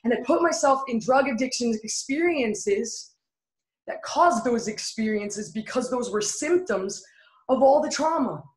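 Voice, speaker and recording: A woman's voice: a little high, animated, measured pace. A woman guest in an interview, earnestly telling a personal story and building on repeated phrases. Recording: echoey room.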